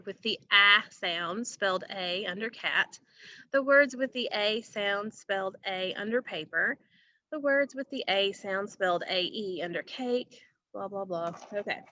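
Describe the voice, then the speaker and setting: A woman teaching an online phonics lesson, slowly stretching out vowel sounds and talking straight to her students. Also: mid-range voice, pushed and bright, dry recording, dull audio. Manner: slow, drawn-out modeling of vowel sounds, addressing students directly.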